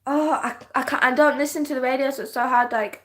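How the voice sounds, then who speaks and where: A young woman from northern England with a softened English accent, chatting casually on a livestream, giggly and full of "like" fillers. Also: sits high, fairly even intonation, fast. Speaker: livestream host. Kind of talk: casual livestream chat reading comments.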